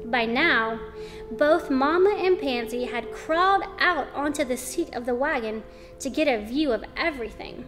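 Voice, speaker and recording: Woman narrator for a kids' chapter book, high voice, unhurried, faint music underneath. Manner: expressive, storytelling. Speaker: story reader. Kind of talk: children's chapter book read-aloud.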